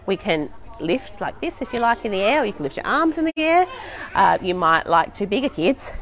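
A woman's voice: on the low side, a little hiss or hum. A young woman running a live baby and toddler session at a library, singing nursery songs and chatting to parents between them, laughing often. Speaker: children's librarian.

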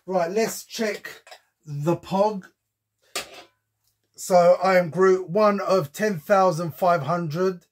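A British unboxing vlogger with a high voice talks extremely slowly, leaving long pauses, as he opens a collectible for his channel. His chat is casual, full of ums and slang.

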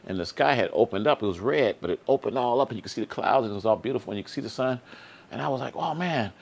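A man hosting his own vlog, telling a personal story in casual slangy speech, earnest and repetitive, his voice climbing high when he gets excited. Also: rapid-fire, creaky. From Sacramento area. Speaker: vlog host.

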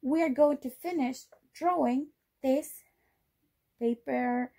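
A woman teacher speaking to small children in a video lesson. She talks slowly and sing-song, stretching each key word so they can repeat after her. Her voice is high and a little breathy. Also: dark tone. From Chile. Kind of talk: online class for young children.

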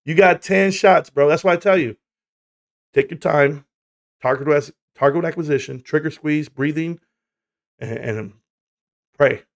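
A man's voice: on the high side, measured pace, vocal fry, long pauses. A man hosting a casual livestream chat, rambling, swearing and laughing through stories, from the United States. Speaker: livestream host.

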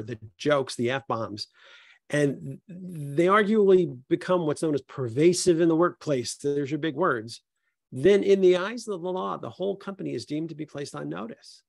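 A man's voice: on the high side, expressive, normal speed, gravelly, no echo, studio quality. A middle-aged man, an HR consultant, talking on a panel and acting out both sides of a tough workplace conversation. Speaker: HR consultant and speaker. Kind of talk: panel talk with acted-out workplace dialogue.

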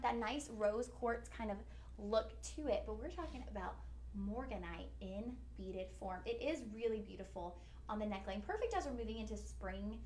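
A woman's voice: a little high, a little hiss or hum. Chatty woman selling jewelry. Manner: chatty, upbeat and goofy. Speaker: live shopping host. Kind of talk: live-stream jewelry selling. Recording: echoey studio room.

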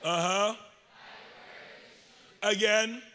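A man from Africa with a West African accent, preaching a sermon as a bishop, leading call-and-response and stretching key phrases slowly. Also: high voice, fairly even intonation, pushed and bright, big-room sound, a faint crowd.

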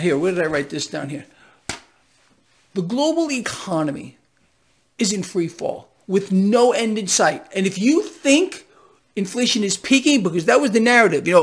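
Animated, sarcastic male market ranter. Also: high-pitched. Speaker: host. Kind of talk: financial commentary vlog.

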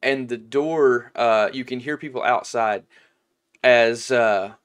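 A man narrating a tabletop game as game master, halting and restarting often. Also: medium pitch, smooth. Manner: halting, with many restarts and fillers.

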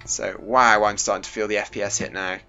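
This British teenage boy's casual Minecraft commentary is jokey and rambling, full of silly voices, and he's sweating in the heat. His fairly low voice is brisk, pushed and bright with little pitch movement, on a muffled home recording with faint music.

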